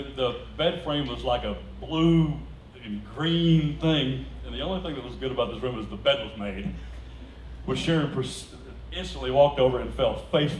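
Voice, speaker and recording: Man telling anecdotes at an event, laughing as he goes, picked up from across a roomy hall with faint noise behind. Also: mid-range voice. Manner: animated anecdote-telling, laughing through punchlines. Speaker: speaker at a celebration. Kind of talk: storytelling speech to a live audience. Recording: echoey room heard from a distance, faint background noise.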